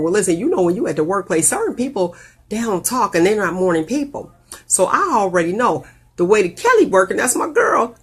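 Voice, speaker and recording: A woman hosting a casual live video show, telling stories with animated, jumpy delivery and big leaps in pitch on quoted lines. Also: breathy edge. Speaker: host.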